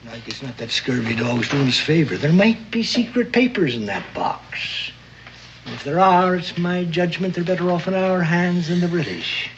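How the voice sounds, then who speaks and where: A man's voice: fairly high pitch, lively intonation, normal speed, a little hiss or hum. An actor playing a grizzled, crafty old male sea captain who talks in salty sailor slang and blusters. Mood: scheming, gruff. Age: older. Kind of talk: 1960s TV drama acting. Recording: muffled old TV soundtrack with music.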